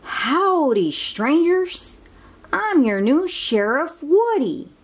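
A woman's voice: high-pitched, big pitch swings, extremely slow, pitched above the performer's own voice, heavily acted. A woman voicing a cheerful male cowboy sheriff toy in a storybook, with bold cowboy calls. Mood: proud shout.

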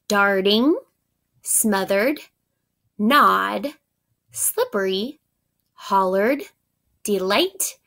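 Slow gravelly teacher woman. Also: medium pitch, fairly bright tone. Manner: slow, clear, encouraging, counts along with the child. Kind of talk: vocabulary lesson for young children.

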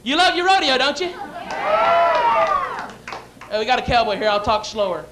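A man's voice: very high-pitched, big pitch swings, normal speed, over a noisy crowd, heavy background noise. A young man, telling brash, rowdy stories as a stand-up comedian and MC on a comedy club stage. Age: young adult.

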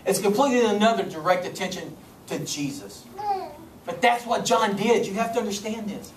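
Preaching man in an echoey church. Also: fairly quick. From Kentucky. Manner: dramatic, swinging from soft and low to loud. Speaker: pastor. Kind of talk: sermon. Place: church sanctuary. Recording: echoey church room, distant mic, faint noise.

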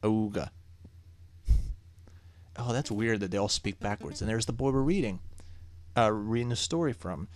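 A man casually reacting out loud and reading game text as he plays a horror puzzle game. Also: lowish voice, fairly quick, no room sound. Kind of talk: let's play commentary. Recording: game music playing clearly.

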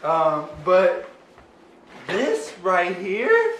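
Hyped young dad vlogging in a roomy space. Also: male voice, sits high, huge pitch swings, very slow, a bit bright, a little hiss or hum. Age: young adult. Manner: hyped, talks straight to viewers, playful asides. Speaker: father and vlogger reviewing a product. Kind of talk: excited unboxing vlog talk. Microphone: phone camera. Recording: roomy sound, mic at a distance, faint ambience.

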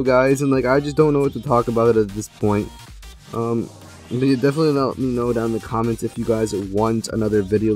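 A young man giving gameplay commentary, excitable, jumping from loud outbursts to low mumbling. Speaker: gaming YouTuber.

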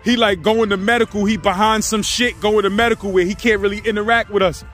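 A man with a New York accent telling prison stories in a casual, animated, slangy way. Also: high-pitched, fast, soft background music. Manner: animated, slangy, acts out the people in his story. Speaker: storyteller host.

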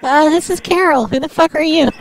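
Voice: high voice, a little fast, voice pushed up. A prank caller playing a brash, foul-mouthed woman neighbor who bosses people on the phone. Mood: irritated. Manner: rude, bossy, swears a lot.

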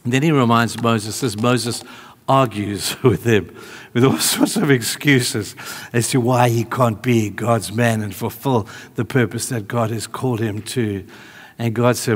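A male preacher delivering a sermon, telling a story in an animated way, moving between hushed and raised delivery. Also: medium pitch, a little slow, in a large hall.

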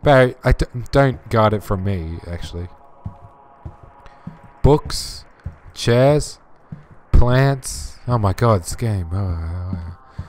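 A man's voice: lowish voice, animated, slow, darkish tone. A man hosting a horror game playthrough, joking and swearing as he talks to objects in the game. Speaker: let's play host.

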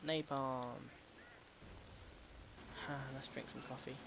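A man's voice: medium pitch, level tone, slow, vocal fry, noisy background. A man giving casual, jokey commentary while playing a video game at home, talking back to the characters and swearing now and then. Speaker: gaming video host. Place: home recording setup.

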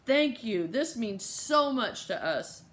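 A woman's voice: on the high side, expressive, slow. A woman voicing a mild-mannered father who speaks weakly and politely in an audiobook. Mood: grateful. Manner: weak, polite.

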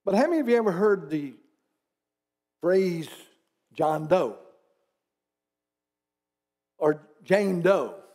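A man's voice: high voice, big pitch swings, slow, long pauses, a little mellow. A man pastor preaching a conversational sermon in church, asking the congregation rhetorical questions and dropping teasing asides.

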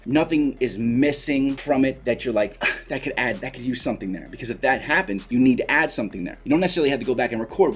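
A man who raps explains song mixing in a casual tutorial, enthusiastic and full of quick asides. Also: mid-range voice, slightly rough. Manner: enthusiastic, talks in quick bursts with fillers like "like" and "right?". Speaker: rapper teaching song mixing.

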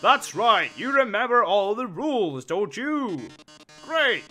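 A man voicing a flamboyant male robot game-show host with a melodramatic, drawn-out sarcastic delivery. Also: high voice, sing-song, pushed and bright, soft background music, full character voice. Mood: taunting.

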